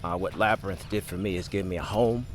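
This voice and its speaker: A man's voice: deep voice, fast, slight background noise. A male actor giving an earnest, heartfelt testimonial about his artistic home.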